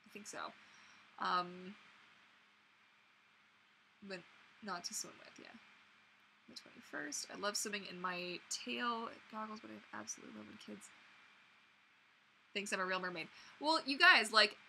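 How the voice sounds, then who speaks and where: A young woman hosting a casual livestream, chatting to viewers in an animated way with many fillers and restarts. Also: medium pitch, unhurried, creaky, long pauses. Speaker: mermaid performer and livestream host. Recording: faint background noise.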